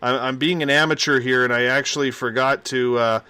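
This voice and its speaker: A man hosting a call-in radio show, chatting with callers in an easy, friendly way. His voice sits at a middle pitch, and the sound is dry and close with no room echo. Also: steady tone, fairly quick, bright, forceful tone, clear, resonant tone.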